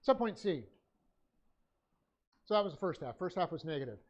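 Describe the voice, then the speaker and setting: A man with a somewhat high voice leads a Bible study class, dictating his notes in a halting way that is full of fillers and restarts. The audio is a dull, lo-fi stream recording. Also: sing-song. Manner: halting, frequent uh fillers and self-corrections.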